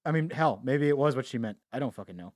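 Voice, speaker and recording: A man's voice: medium pitch, lively intonation, quick pace, dry recording, studio quality. A young man co-hosting a podcast, talking casually, joking, laughing and swearing. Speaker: podcast co-host. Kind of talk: casual chat.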